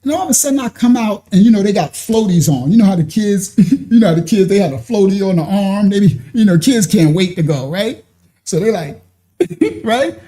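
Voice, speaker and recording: Laughing man telling a lively story. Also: high voice, fairly quick. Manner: animated, laughs often, acts out quoted voices. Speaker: show host telling a personal story. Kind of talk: casual storytelling.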